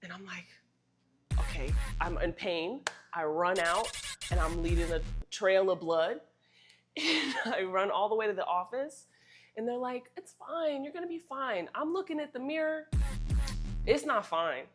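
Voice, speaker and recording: Young woman, soft wry storyteller, over clear background music. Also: medium pitch, lively intonation, unhurried. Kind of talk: personal storytelling.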